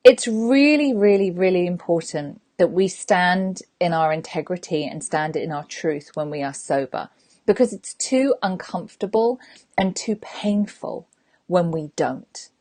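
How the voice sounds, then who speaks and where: A woman hosts a sobriety coaching podcast and talks straight to her listeners. She is animated and blunt. She brings her points to life by acting out short everyday scenes. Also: fairly low pitch, measured pace. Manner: animated, direct, acts out little scenes. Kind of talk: motivational talk to listeners.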